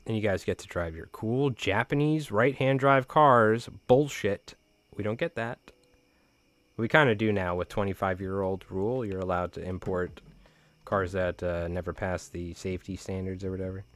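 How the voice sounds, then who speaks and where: Man, lowish voice, casual slangy streamer chat, live fly tying, easygoing. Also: moderate pace, no room sound.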